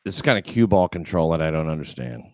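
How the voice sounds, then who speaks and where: A man's voice: extremely low pitch, sing-song, fast, no room sound. A man hosting a livestream, chatting casually and reading viewer comments, rambling and swearing with many fillers and restarts. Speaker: show host reading live chat.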